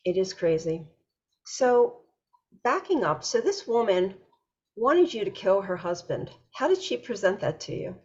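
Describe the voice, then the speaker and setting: A woman hosting an interview, reflecting on her guest's story in a measured way. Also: medium pitch, big pitch swings, a little mellow. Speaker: podcast host. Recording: dull lo-fi sound.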